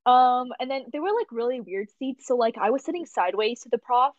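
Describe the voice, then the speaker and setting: A young adult woman hosting a podcast speaks a little fast in a voice on the high side, recorded on a dull, lo-fi dry mic with no room sound. She's a casual, animated storyteller who laughs often and uses lots of "like" fillers.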